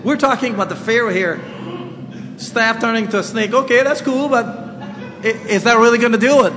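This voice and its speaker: A man's voice: very high voice, fairly quick, sharp tone, voice pushed up. A man voicing Moses as an anxious, reluctant man who pleads and objects in a raised voice. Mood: doubtful. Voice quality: pleading, rising voice. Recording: long hall reverb, faint ambience.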